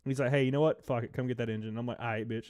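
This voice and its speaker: A man live streaming, chatting casually, swearing, laughing often and reading chat aloud in a low-key mood. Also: fairly even intonation, racing, darkish tone, dry recording.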